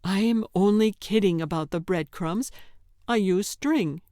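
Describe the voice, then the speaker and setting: A woman's voice: mid-range voice, unhurried, dark tone, dry recording, studio quality, close to an everyday voice. A woman narrator voicing a stubborn young boy who gives orders with more confidence than he feels. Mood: teasing. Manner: commanding, falsely confident. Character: stubborn, bossy teenage boy explorer. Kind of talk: audiobook character reading.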